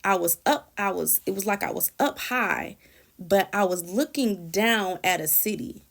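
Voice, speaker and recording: A woman with a gravelly, fry-tinged voice tells a personal testimony about prayer. She talks in an earnest, emotional, conversational way, often restarting and repeating her phrases. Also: mid-range voice, measured pace. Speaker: Christian encourager sharing a prayer testimony.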